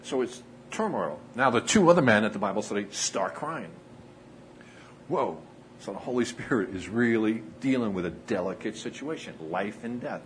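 Earnest low-voiced man preaching a sermon. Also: expressive, slight background noise, rough recording. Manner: earnest, pauses often, acts out quoted dialogue. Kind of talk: sermon storytelling.

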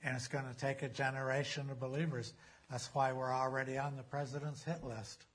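A man preaching a sermon as a pastor, emphatic, slowing down to read scripture aloud. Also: mid-range voice, little pitch movement, breathy edge.

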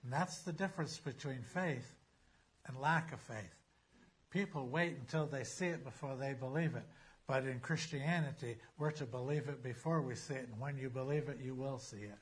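Husky guy preaching a sermon, leans hard on the words, reads verses slow. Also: mid-range voice. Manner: emphatic preaching, slows down to read scripture aloud. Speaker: pastor.

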